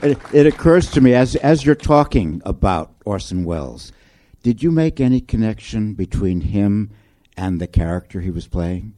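A man's voice: on the low side, expressive, moderate pace, hardly any pauses, dark tone. A man moderating a Q&A with an encouraging manner and brief interjections. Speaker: event host.

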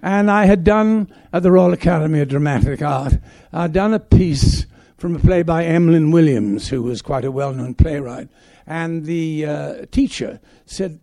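An older man from England recounts his memories with a dark, gravelly voice. He talks in a halting, reminiscing way, restarting phrases often. The sound is close and dry. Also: fairly high pitch, no echo. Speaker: guest actor. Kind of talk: anecdotal stage conversation.

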